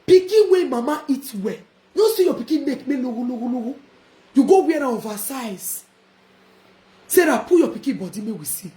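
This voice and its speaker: This high-voiced woman vlogs live in Nigerian Pidgin, delivering a defiant, casual rant full of laughter and shouting. She's very animated and talks a little fast, while her voice echoes off the surrounding room.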